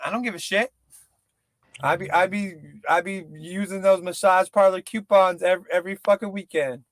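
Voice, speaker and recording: A young man with a notably high voice tells crude, profane stories in loose podcast banter. He acts out the people in his stories as he goes. The sound is dry and close, with no room around it. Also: moderate pace, dry recording. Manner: animated, profane, storytelling with acted-out quotes. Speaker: podcast co-host.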